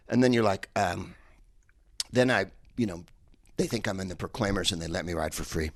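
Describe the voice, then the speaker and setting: A man's voice: low voice, a little fast, no room sound, studio quality. Rambling man doing stand-up from home. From San Francisco. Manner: rambling, digressive delivery with many fillers. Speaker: stand-up comedian. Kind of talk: stand-up set over a video call. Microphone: earpiece headset.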